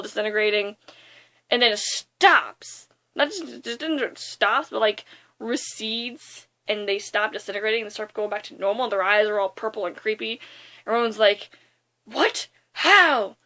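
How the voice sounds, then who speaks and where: A young woman casually retelling a movie's plot in a rambling, excitable way, with lots of fillers. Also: a little high. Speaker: movie reviewer.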